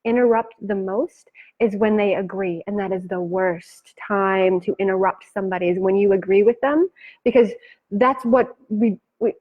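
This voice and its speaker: A woman business coach giving a chatty, animated live talk, acting out her clients' lines and laughing often. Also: mid-range voice, moderate pace, phone-quality sound.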